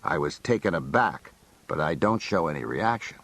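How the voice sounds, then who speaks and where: A man's voice: low voice, animated, moderate pace, a bit bright. A man narrating a first-person memoir in a colloquial, streetwise storytelling manner. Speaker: audiobook narrator.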